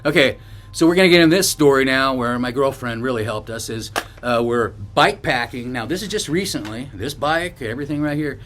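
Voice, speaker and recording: A man's voice: medium pitch, brisk, fairly bright tone. Rambling man telling a road story. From northern California. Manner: rambling, loose, with many restarts and asides. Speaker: bikepacking vlogger. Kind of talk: casual storytelling to camera.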